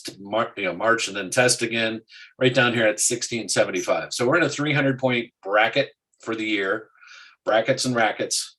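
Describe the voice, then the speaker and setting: Deep-ish guy rambling about charts, lots of um and uh. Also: bright, forceful tone, low-quality recording. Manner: rambling, many restarts and fillers. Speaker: co-host. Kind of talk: casual market chat.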